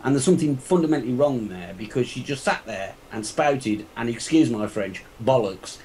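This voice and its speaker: A man of ordinary pitch vents in a blunt, indignant rant on a live panel chat. Faint background hiss sits under his voice. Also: expressive, normal speed, darkish tone, rough recording. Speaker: panel guest.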